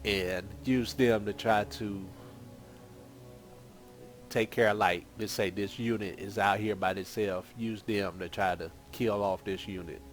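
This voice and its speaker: A man's voice: fairly low pitch, steady tone, a little slow. A man giving casual, rambling gameplay commentary as a gaming channel host, thinking aloud as he plays. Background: game music.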